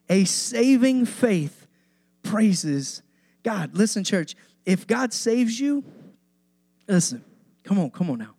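A man's voice: high voice, a little mellow, no echo, studio quality. A male pastor preaching a sermon to his church, driving points home with repetition and rising emphasis.

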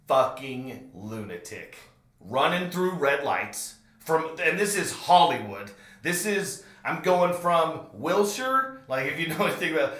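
In an echoey room, a man with a fairly high, fairly bright voice hosts a podcast and tells a comedic story full of swearing. His profane retelling builds until it turns frantic.

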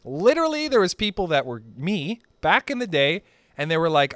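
A young man from Canada doing a rambling, profane stand-up monologue, pushing his pitch up and down for emphasis. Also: very animated, normal speed, fairly bright tone, no echo, clean studio sound. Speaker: stand-up comedian.

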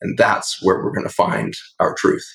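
A man's voice: normal speed, fairly bright tone, rough recording. A man, a doctor guest on a podcast, telling stories in an earnest, reflective, flowing way. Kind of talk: podcast interview storytelling.

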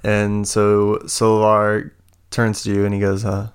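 A man's voice: on the low side, monotone, a little slow, smooth. A man narrating as game master of a tabletop game, hesitant, with many fillers and restarts.

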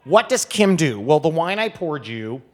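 A man's voice: fairly high pitch, big pitch swings, normal speed. Rambling man telling wine stories. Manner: rambling, lots of fillers and restarts, storytelling. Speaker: guest wine expert. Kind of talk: casual podcast chat.

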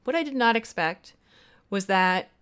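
A young woman co-hosts a podcast in relaxed, chatty conversation. Her voice is smooth and clear, and she tells stories in an animated, self-deprecating way. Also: mid-range voice, unhurried. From United States. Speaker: podcast co-host. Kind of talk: casual chat.

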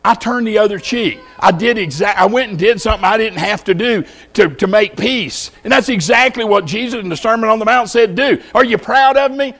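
A man's voice: sits high, fairly quick, hardly any pauses, a bit bright. A man with a Texan accent preaching a sermon in church, telling folksy stories and firing rhetorical questions at the congregation.

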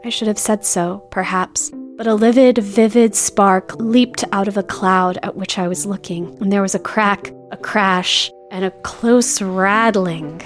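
A woman narrating a classic novel in the first person, with measured, earnest storytelling. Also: medium pitch, steady tone, soft background music.

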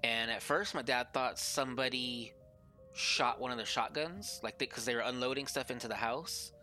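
A man's voice: mid-range voice, normal speed, pushed and bright, faint music behind. A man telling a spooky story on a podcast over a voice call, rambling and filling his talk with "like". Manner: rambling, heavy use of "like". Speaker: podcast guest. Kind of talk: casual storytelling. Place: remote call over Discord.

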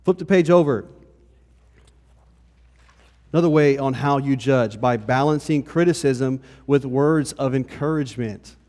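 A man's voice: medium pitch, a little slow, long pauses, darkish tone. A pastor giving a conversational sermon to his congregation, often checking in with "okay?". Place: church hall. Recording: long reverb of a hall.

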